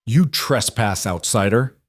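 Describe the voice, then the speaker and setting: A man's voice: fairly low pitch, takes it slowly, no echo, studio quality. A man doing a growling northern wolf alpha. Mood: menacing. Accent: thick northern. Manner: growling, solemn. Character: huge scarred old wolf alpha, gruff and fierce.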